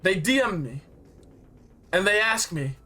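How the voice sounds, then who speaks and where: A man with a high, bright voice tells a game's story in a loose, excited ramble. He is slangy and full of fillers and quick asides. Soft music plays faintly underneath. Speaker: game reviewer. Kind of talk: casual storytelling recap.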